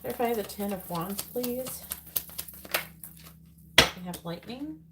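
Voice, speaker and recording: Gravelly-voiced woman reading tarot cards. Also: medium pitch, slow. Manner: names cards aloud in a murmur, then incredulous asides. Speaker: psychic tarot reader. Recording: loud background noise.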